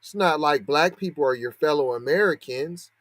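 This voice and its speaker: A man's voice: fairly high pitch, normal speed, a bit bright, dry recording. A man hosting a podcast, giving heated, sarcastic commentary with a string of rhetorical questions. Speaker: podcast host. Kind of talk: heated commentary on a news story.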